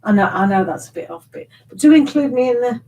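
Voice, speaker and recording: A woman's voice: on the high side, expressive, quick pace, dark tone, rough recording. Chatty woman hosting a live stream. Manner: chatty and rambling, laughs, teasing. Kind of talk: casual live-stream chat with viewers.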